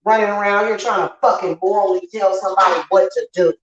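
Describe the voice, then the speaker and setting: A woman's voice: mid-range voice, fairly even intonation, fast. A woman hosting a casual witchy livestream, venting bluntly and profanely to her viewers. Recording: roomy, slightly dull home sound.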